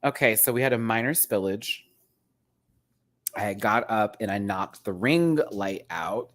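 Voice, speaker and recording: A man's voice: fairly low pitch, lively intonation, unhurried, a bit bright. Man, home-desk reviewer, exasperated and talkative, laughs a lot, voice swoops up and down. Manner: exasperated, chatty, laughs often. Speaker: YouTube reviewer. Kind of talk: casual ranting review. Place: home desk with ring light.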